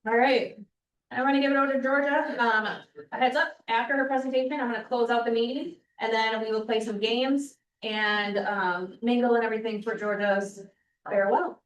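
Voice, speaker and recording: Brief: woman meeting leader, brisk, organized, distant roomy recording. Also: fairly high pitch, fairly even intonation. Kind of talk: meeting announcements. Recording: echoey room, distant mic.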